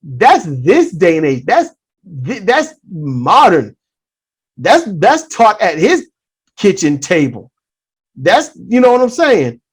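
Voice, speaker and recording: Animated, emphatic podcast host. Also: medium pitch, slow, husky. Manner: animated, emphatic, restarts and repeats. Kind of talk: casual discussion.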